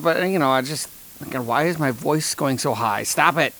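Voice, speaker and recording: A man hosting a comedy podcast, delivering sarcastic, deadpan rants and mock sponsor ads. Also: medium pitch, normal speed. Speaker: podcast host. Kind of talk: comedic monologue.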